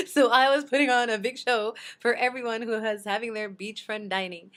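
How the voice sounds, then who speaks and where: A woman casually telling her sister a rambling personal story in a video message, full of fillers and restarts, acting out her own quoted lines with big jumps in pitch. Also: steady tone, normal speed, fairly bright tone.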